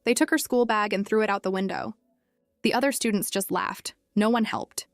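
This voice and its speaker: A woman narrating a story recap in a steady, even, scripted delivery. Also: mid-range voice, brisk, no echo, studio quality.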